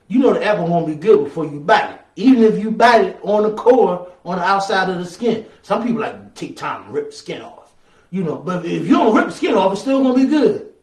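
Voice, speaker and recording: High-voiced preacher in an echoey church. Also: male voice, recorded from a distance. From Southern US. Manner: call-and-response preaching, building to shouts. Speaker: pastor. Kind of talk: sermon. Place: church sanctuary, from afar.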